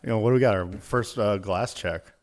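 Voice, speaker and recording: A man's voice: on the low side, a little fast. A man hosting a wine panel in casual chat, laughing often and reading a news item aloud. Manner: laughs often, relaxed and playful. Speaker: wine show host.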